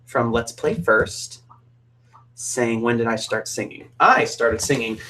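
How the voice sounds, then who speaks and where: A man's voice: medium pitch, takes it slowly, bright, forceful tone, a little hiss or hum. A young man from Alabama, hosting a casual, upbeat and jokey live stream chat as a singer. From Alabama, USA.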